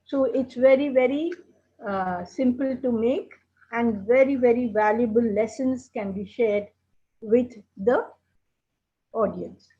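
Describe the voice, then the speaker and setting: Slow-spoken woman teaching puppetry. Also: on the high side. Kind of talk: teaching workshop talk. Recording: dull lo-fi sound.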